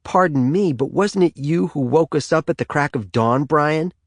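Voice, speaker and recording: A man's voice: a little high, normal speed, no room sound, studio quality, pitched above the performer's own voice. A man voicing a sarcastic, complaining teenage boy in an audiobook. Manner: sarcastic, whiny.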